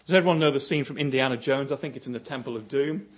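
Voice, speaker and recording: A male preacher at mid pitch delivers a sermon in a lively storytelling way. His voice climbs for the quoted speech and drops low to press each point home. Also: fast. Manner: animated storytelling, voice rising for quoted lines and dropping low for emphasis.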